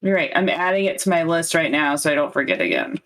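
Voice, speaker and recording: A woman's voice: low-pitched, expressive, fast, fairly bright tone. A woman playing in a tabletop game, giving short casual answers. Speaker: player.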